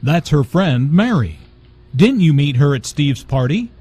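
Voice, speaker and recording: A man playing a friendly guy, slightly husky. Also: on the high side, sing-song, measured pace, heavily acted. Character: friendly adult man in everyday dialogue. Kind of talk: scripted dialogue for learners.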